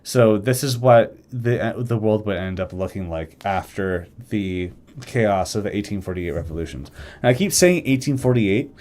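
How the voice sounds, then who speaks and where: A man with a fairly low voice chatting loosely on a live stream. He rambles and restarts his sentences, dropping into quick little voices for the nations he describes. The talk is unscripted and easygoing. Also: expressive, darkish tone, a little hiss or hum. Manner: rambling, self-correcting, acts out nations in quick quoted asides. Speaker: streamer discussing a game mod's alternate history.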